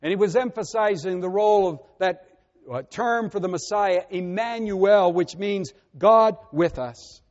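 A man preaching a sermon as pastor, earnest and measured, often letting his voice sink softly at the ends of phrases. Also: sits high. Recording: muffled with long reverb.

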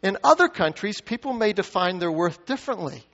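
A man's voice: sits high, expressive, fairly quick, fairly bright tone. A man preaching a sermon as pastor, reading scripture aloud and asking the congregation questions. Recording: muffled sound with long hall reverb.

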